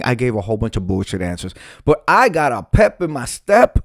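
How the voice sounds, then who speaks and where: A man's voice: mid-range voice, sing-song, fairly quick, few pauses, no echo, clean studio sound. A middle-aged man hosting a live stream, telling a long story in a theatrical way and swearing freely. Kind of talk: storytelling monologue.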